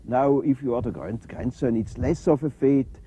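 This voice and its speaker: An older man, answering interview questions in a halting, reflective way with many fillers. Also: mid-range voice, animated, mellow, breathy edge. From Switzerland. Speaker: interview guest.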